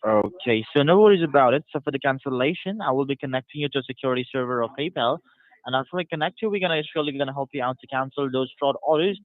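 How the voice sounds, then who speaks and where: Rapid, scripted call agent, male, heard over a tinny phone line. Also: medium pitch, dry recording. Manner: scripted, repetitive call-center patter.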